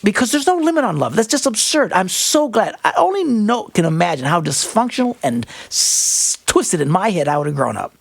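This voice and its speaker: An older man hosting a radio talk show, in casual studio chat, delivering exasperated, animated rants broken by laughter. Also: high voice, fairly quick, vocal fry, hardly any pauses.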